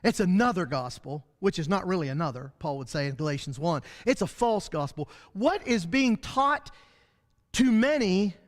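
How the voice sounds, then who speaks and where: A man's voice: high voice, big-room sound. A man teaching a Bible study lesson in a church, talking animatedly and acting out the voices of the people he describes. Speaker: preacher.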